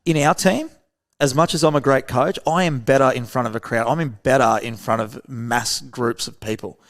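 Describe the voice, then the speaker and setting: Gravelly Australian man, earnest and animated. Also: mid-range voice, moderate pace. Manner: earnest, animated, acts out short dialogues. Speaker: podcast guest, veteran program founder. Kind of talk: casual interview talk.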